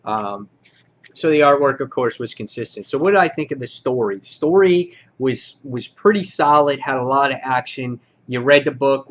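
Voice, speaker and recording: A man giving a casual comic book review, rambling with many filler words and getting excited as he goes. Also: medium pitch, lo-fi sound.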